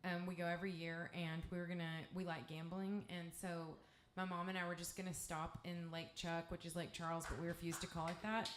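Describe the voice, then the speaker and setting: On a music club stage, a guest singer-songwriter from East Texas tells a frank, foul-mouthed, wandering story between songs in her East Texas accent. Her voice is lowish and fairly flat in pitch, and she talks a bit fast. The live room sounds echoey.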